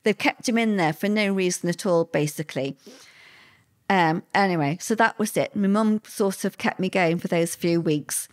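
An older woman, a guest recalling hard times in a halting, emotional way with many fillers. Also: on the low side. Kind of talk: personal interview recollection.

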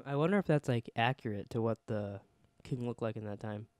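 A man's voice: medium pitch, expressive, moderate pace, a little mellow, no echo. A man co-hosting a casual podcast, chatty and rambling, laughing often. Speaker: podcast co-host. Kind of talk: casual chat.

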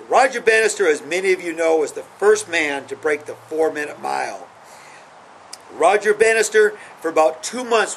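Brief: middle-aged male video host, casual rambling storyteller, gravelly voice. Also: on the high side, slight background noise, rough recording. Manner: rambling, repeats "anyhow", acts out quotes with a rising excited voice. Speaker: video host telling sports stories.

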